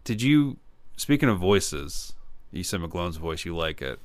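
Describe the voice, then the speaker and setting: A man's voice: deep voice, sing-song, unhurried, dry recording. A man co-hosting a podcast, chatting casually about a movie, joking and trailing off mid-thought. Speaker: podcast co-host.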